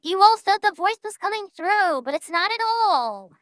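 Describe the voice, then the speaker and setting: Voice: extremely high pitch, animated, moderate pace, a bit bright, no echo. A streamer talking through a voice-changer filter that makes them sound childlike, rambling and self-deprecating in casual gameplay commentary.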